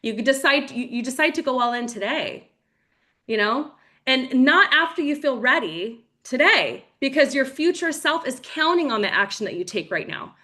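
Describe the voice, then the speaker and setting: Bright, energetic woman leading a team call. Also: high-pitched, moderate pace. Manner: energetic, storytelling, animated with acted quotes. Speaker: team leader.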